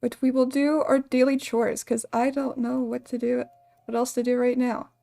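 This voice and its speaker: A woman's voice: on the high side, flat delivery, normal speed, gravelly, dark tone. A woman streamer chatting casually and rambling while she plays a game, laughing often. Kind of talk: casual gaming livestream chat.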